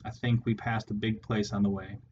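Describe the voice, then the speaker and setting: A contemptuous rat warlord barks his commands with a cruel snarl, as a man reads him in a storybook. The voice sits low and moves little in pitch. The recording is dull and lo-fi, with faint noise behind it. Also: flat delivery, fairly quick, a little mellow, close to an everyday voice. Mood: snarling, commanding. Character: harsh scarred male rat warlord.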